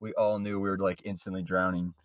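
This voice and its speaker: A man's voice: low voice, flat delivery, fairly quick, no echo, studio quality. A man hosting a casual podcast chat, rambling with many fillers and chuckling often. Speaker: podcast host.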